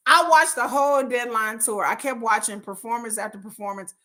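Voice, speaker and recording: A woman, chatting casually with viewers on her livestream, laughing often and jumping high in pitch when excited. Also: brisk. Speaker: livestream host.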